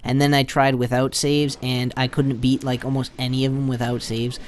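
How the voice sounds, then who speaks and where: A man's voice: mid-range voice, little pitch movement, normal speed, slight background noise. A man doing a casual, rambling voice-over commentary on his own gameplay, often retelling his reactions. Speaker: channel host.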